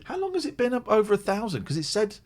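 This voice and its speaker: Male stream host, rambling and chatty, with a lively, swinging pitch. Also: fast talker, slight background noise. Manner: rambling, chatty, reads viewer comments aloud. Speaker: host of a live call-in stream. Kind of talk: casual live-stream chat.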